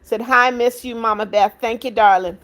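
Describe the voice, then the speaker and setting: Brisk woman reading live chat aloud. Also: fairly high pitch, fairly even intonation, a bit bright. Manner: firm, scolding rude commenters, affectionate to others. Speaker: livestream host reading chat.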